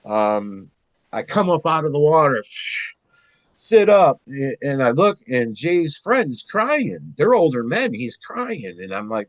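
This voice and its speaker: A man telling personal stories in a casual conversation, rambling and animated, with frequent restarts and some swearing. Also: fairly high pitch, moderate pace, dry recording. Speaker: guest.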